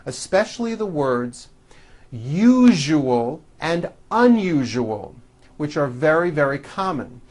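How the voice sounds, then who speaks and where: An English pronunciation teacher, leading drills and reading practice sentences in a deliberate, carefully articulated way. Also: medium pitch. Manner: slow, deliberate, clearly articulated drilling of words. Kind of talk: recorded English pronunciation lesson.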